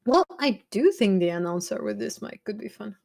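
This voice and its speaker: A woman's voice: big pitch swings, normal speed, vocal fry, darkish tone. A woman co-hosting a stream from another room, reacting with giggles and jokey exclamations in casual chat. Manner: giggly, reactive, jokes in high silly voices. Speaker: stream co-host. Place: a separate room, joined remotely.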